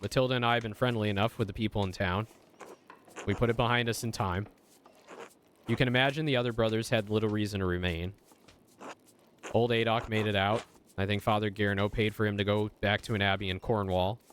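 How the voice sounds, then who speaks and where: A man reading a kindly older former monk in a game, in a lowered, measured voice. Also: fairly even intonation, a little hiss or hum, lightly acted. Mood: somber.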